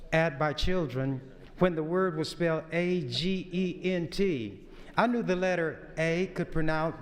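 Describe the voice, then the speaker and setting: A man who is a senator, giving a folksy, lecturing floor speech in a legislature. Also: on the high side. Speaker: state senator. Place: large legislative chamber. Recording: long reverb of a chamber.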